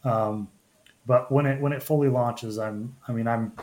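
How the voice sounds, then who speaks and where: A man hosts a relaxed podcast conversation at an ordinary pitch. He speaks haltingly, restarting phrases and pausing on fillers as he gathers his thoughts. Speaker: podcast host. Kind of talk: casual chat.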